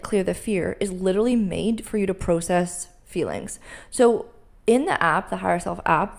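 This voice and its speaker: A young adult woman talks through her method as a podcast host. Her voice carries a gravelly vocal fry under an ordinary mid pitch. She speaks conversationally, often tagging her points with "right?" or "okay?". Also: a little mellow. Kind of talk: solo mindset podcast teaching.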